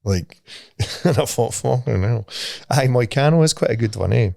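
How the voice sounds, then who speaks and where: A man's voice: medium pitch, lively intonation, moderate pace, gravelly, warm tone, no echo, clean studio sound. A Scottish man co-hosting a podcast in casual chat, swearing freely and laughing at his own stories. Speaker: podcast co-host.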